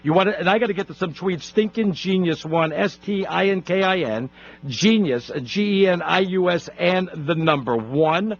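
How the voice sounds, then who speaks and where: A man hosting a sports radio talk show, ranting in an exasperated, rapid-fire way. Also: high voice. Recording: lo-fi radio broadcast.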